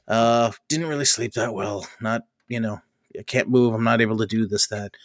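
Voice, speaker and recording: A man telling a personal story in a casual podcast chat, animated and acting out the people he quotes, often laughing. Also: lowish voice, normal speed, no room sound, clean studio sound. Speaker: podcast host.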